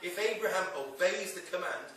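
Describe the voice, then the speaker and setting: A man's voice: high voice, normal speed, a bit bright, a little hiss or hum. A man preaching a sermon in a church, talking in a wry, conversational way with dry humor. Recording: echoey church hall from a distance.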